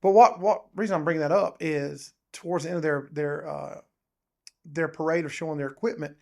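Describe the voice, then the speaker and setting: Gravelly, animated podcast man. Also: a little high, brisk. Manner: animated, rambling, says "dude" and "um" often. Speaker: podcast co-host. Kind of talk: casual chat.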